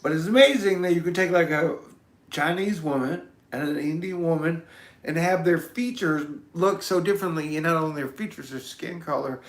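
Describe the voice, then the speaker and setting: A man vlogging in a loose, meandering monologue, cursing freely and swinging from mumbles to shouts. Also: fairly high pitch, normal speed, echoey room. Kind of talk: rambling casual monologue.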